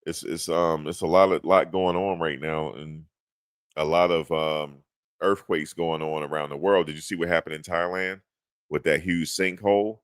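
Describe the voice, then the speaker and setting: A man's voice: rumbling low, fairly even intonation, normal speed, smooth, dry recording, clean studio sound. A middle-aged man hosting a casual chat, laid-back and rambling, chuckling at his own jokes. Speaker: podcast host.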